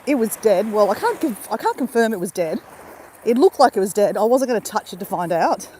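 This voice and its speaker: An Australian YouTuber live-streams from her phone held at arm's length while walking along a beach, chatting and laughing straight to viewers. Her mid-range voice is sing-song, mellow, and fairly quick, with slight background noise on a low-quality recording.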